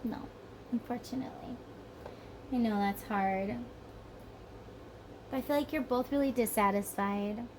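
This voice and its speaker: A woman with a Southern US accent gives a casual, rambling tarot reading, chatting along and sometimes acting out the voices of the people she describes. Her voice sits on the high side with a darkish tone, and she speaks a little slowly with frequent pauses. The recording is low quality, with a slight hiss or hum.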